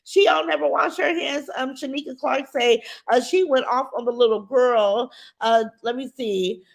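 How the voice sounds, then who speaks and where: A woman's voice: high voice, normal speed, vocal fry. A middle-aged woman hosting a casual livestream, bluntly giving her opinions and reading comments from chat. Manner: blunt, opinionated, animated, addresses chat directly.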